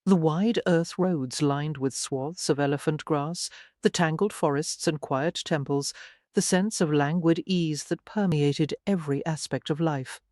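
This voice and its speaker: An audiobook narrator giving a measured, even scripted reading of a romance novel. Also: mid-range voice, dry recording, clean studio sound.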